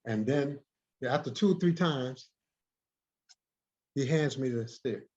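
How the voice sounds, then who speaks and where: A man, a guest in an interview, telling a story in an animated way, often repeating and restarting words. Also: medium pitch, takes it slowly, a little hiss or hum. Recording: dull lo-fi recording.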